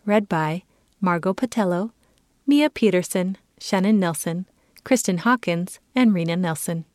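A woman giving a calm, clear reading as the narrator of a children's story. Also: lowish voice, unhurried, no echo, studio quality.

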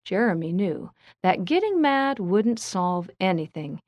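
A woman reading a children's story aloud with clear, measured narration. Her voice sits in an ordinary middle range, recorded close and dry with no room echo. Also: mid-range voice, sing-song, darkish tone.

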